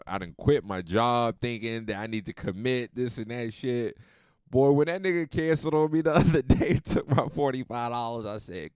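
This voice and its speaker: Animated, profane man telling a story. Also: fairly low pitch, clear, resonant tone, no echo, studio quality. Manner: animated, profane, swings loud and soft. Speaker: podcast host. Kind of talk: casual storytelling monologue.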